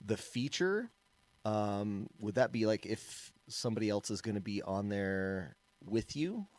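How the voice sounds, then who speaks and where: A man co-hosting a casual podcast, an animated storyteller who laughs often and trails off and restarts. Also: on the low side, a little slow. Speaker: podcast co-host, martial arts instructor.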